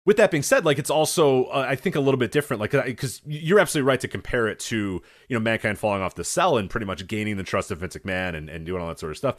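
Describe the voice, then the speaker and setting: A man hosting a podcast in casual chat, rambling and animated, with lots of restarts and filler words, casually swearing and acting out quoted voices. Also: medium pitch, fast, few pauses. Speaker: podcast host.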